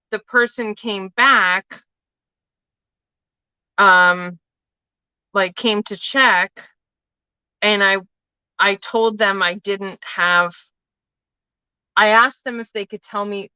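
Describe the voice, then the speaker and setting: A woman talks off the cuff on a livestream, drifting from story to story and tossing in the odd swear word. Her voice is bright and forward. The sound is dry and a little dull, like a lo-fi stream. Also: medium pitch, clean tone, dry recording. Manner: rambling, chatty storytelling with casual swearing. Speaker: livestream host and tarot reader. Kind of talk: casual live-stream chat.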